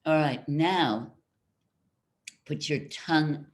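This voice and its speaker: An older woman voice coach on a video call, leading a group warm-up in an energetic, coaxing way and repeating her instructions. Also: low-pitched, slow.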